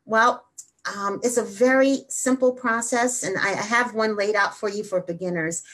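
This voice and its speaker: A woman hosting a wellness show, talking energetically and then slowing down to guide a simple meditation. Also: medium pitch, fairly even intonation, fairly bright tone. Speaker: wellness host.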